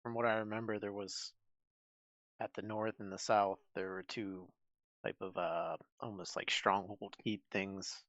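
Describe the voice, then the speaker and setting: A man playing an adventurer in a tabletop game, speaking in a hesitant, halting way on a dull, lo-fi mic. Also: lowish voice, flat delivery, fairly bright tone, dry recording. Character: male adventurer who knows the coast.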